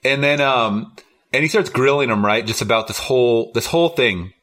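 A man's voice: mid-range voice, expressive, moderate pace, a bit bright. A man co-hosting a podcast, casually retelling a horror movie's plot with lots of swearing and laughter. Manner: rambling, profane, laughs while retelling scenes. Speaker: podcast co-host. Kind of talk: casual movie recap chat.

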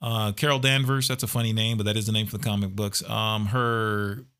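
A middle-aged man co-hosting a casual podcast chat, animated and quick to laugh, often trailing off into fillers. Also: on the low side, clean tone. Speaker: podcast co-host.

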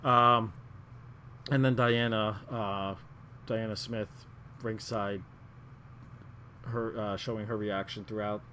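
A man's voice: on the low side, level tone, slow pace, pauses often, pushed and bright, slight background noise. A man co-hosting a casual wrestling podcast, rambling through his picks with lots of filler words and restarts. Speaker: podcast co-host. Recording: muffled lo-fi audio.

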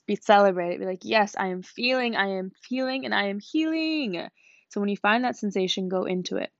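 A young woman talks through a casual solo wellness talk, chatty and quick to laugh, acting out her own past reactions. Her voice has a gravelly fry. The recording is dry and slightly dull. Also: medium pitch, a little mellow, no echo. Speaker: wellness speaker.

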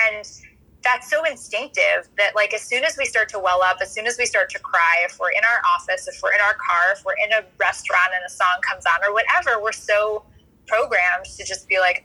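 Bright, husky woman on a tinny line. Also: mid-range voice, a little fast. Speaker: coaching client and guest. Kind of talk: casual podcast interview.

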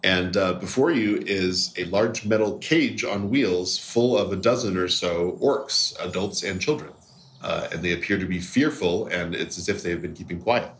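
A man's voice: sits low, roomy sound. Sick man running a tabletop game. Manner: halting, with many fillers and restarts. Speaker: game master.

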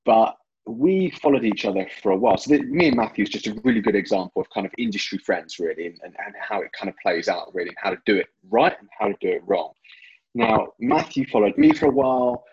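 A man's voice: on the low side, very animated, quick pace, a little mellow, breathy edge, lo-fi sound. A British man, a fitness writer, chatting as a podcast guest over a remote call, often repeating words as he thinks. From Britain. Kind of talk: casual interview chat.

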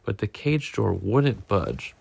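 A man reading a picture book aloud to a child at home, in a gentle, unhurried storytelling manner. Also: fairly low pitch, sing-song, creaky, breathy edge.

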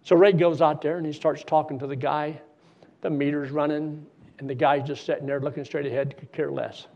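A man preaching a sermon as a lively story, acting out the voices of the people in it. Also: fairly high pitch, brisk, creaky, highs cut off. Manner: animated storyteller acting out dialogue.

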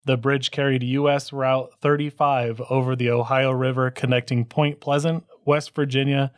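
A man co-hosting a podcast, reading researched notes with deadpan quips. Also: medium pitch, moderate pace, clear, resonant tone, no room sound, studio quality. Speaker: podcast co-host.

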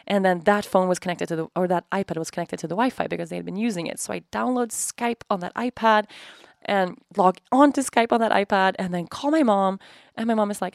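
A woman's voice: mid-range voice, a little fast, vocal fry, no room sound, clean studio sound. A woman in her thirties hosting a podcast, telling a personal story candidly and animatedly with lots of filler words. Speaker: podcast host.

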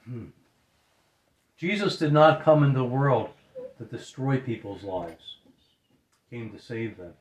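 A man preaches a sermon in an earnest way, repeating his phrases to drive them home. His voice sits at an ordinary middle pitch, and the recording carries a roomy echo. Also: a little slow, pauses often.

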